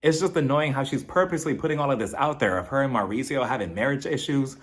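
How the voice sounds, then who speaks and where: A man's voice: medium pitch, fast. A man recapping a reality TV episode with sarcastic, dramatic asides. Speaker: TV recap host.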